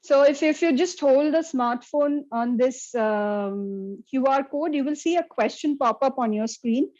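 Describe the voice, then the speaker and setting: A woman's voice: high voice, a little slow, darkish tone, dull audio. A woman presenting an interactive online lecture over a video call, often checking in with her audience. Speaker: workshop presenter.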